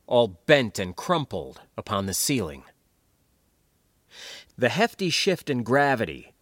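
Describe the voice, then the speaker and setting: A man's voice: medium pitch, a bit bright, no room sound, studio quality. A man narrating a science fiction audiobook expressively, giving characters their own voices. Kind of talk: scripted sci-fi narration.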